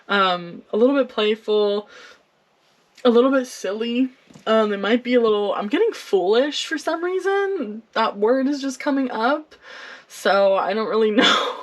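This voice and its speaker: Young woman, tarot reader, chatty, playful, swears, lots of "like", casual vlog. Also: medium pitch. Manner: chatty, laughing, swearing, says "like" constantly. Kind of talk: casual pick-a-card tarot reading.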